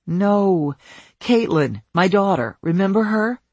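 A narrator voicing a desperate father pressing for help, speaking in a low, tense register, recorded dry. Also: animated, takes it slowly, darkish tone, dry recording, exaggerated voice. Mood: urgent, pressing. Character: desperate father searching for his missing daughter.

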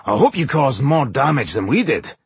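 A man voicing a gruff, battle-hungry male dwarf warrior with a growling, cranky manner. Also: fairly low pitch, animated, moderate pace, fairly bright tone, no echo, exaggerated voice. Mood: eager.

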